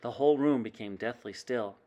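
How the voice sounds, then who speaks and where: A man reading a children's book aloud in a dramatic, animated way, like a teacher at story time. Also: mid-range voice, a little fast, highs cut off.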